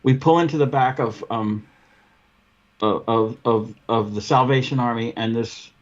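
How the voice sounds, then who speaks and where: A man's voice: mid-range voice, a little slow. A man co-hosting a podcast, swearing freely as he tells stories and acts out both sides of his run-ins. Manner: profane storyteller who acts out both sides of his arguments. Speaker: podcast co-host. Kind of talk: casual chat. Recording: dull lo-fi podcast audio.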